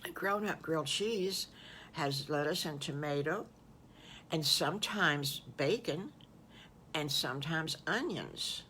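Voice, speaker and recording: An older woman voicing a loving adoptive farm mother who coaxes gently. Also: deep voice, expressive, takes it slowly, slight background noise, full character voice. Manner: warm motherly coaxing.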